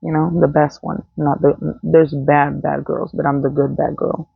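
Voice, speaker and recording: Blunt, profane woman with a gravelly voice. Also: low-pitched, little pitch movement, a little slow, no echo. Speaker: vlogger. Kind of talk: unscripted monologue. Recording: dull, dry, lo-fi sound.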